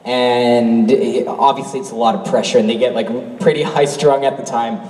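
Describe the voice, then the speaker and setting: A man's voice: mid-range voice, steady tone, normal speed, a little mellow. A Canadian man chatting casually on a convention panel, self-deprecating and laughing easily. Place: large convention hall. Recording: roomy hall reverb from far off.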